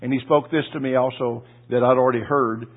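A man preaching a sermon, telling a personal story in a folksy, emotional way with asides to the congregation, his voice husky. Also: mid-range voice, steady tone, brisk. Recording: tinny phone-like audio.

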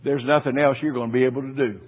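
Husky preacher on tinny audio. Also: male voice, mid-range voice, fairly even intonation, fast. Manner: folksy, emotional storytelling with crowd asides. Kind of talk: sermon.

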